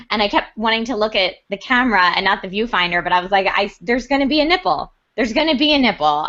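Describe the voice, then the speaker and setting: A woman's voice: medium pitch, sharp tone, lo-fi sound. A woman hosting a casual chat show, bubbly and upbeat. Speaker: podcast host.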